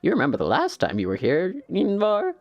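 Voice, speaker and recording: A man voicing a crazy old man warrior, a weary veteran of many wars, in a high, cracked old-man voice. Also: wildly swooping pitch, brisk, creaky, no echo, muffled recording, heavily acted. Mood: grave.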